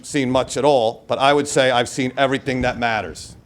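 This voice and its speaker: A middle-aged man delivers an acceptance speech. His voice sits in an ordinary middle register, and he tells stories in a loose, conversational way, breaking into loud impressions of his coach. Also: mid-range voice, fairly even intonation, a little fast, hardly any pauses. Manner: storytelling, acts out quoted coach with loud outbursts. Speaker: hall of fame inductee giving acceptance speech. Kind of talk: speech at a podium.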